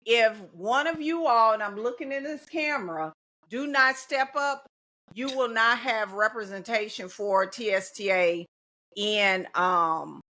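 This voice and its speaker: This is an unhurried, sharp-toned woman with a fairly high pitch, a middle-aged teacher who also organizes for her union. Chatting on a podcast, she sounds casual and resolute, drops slogans, and is quick to laugh.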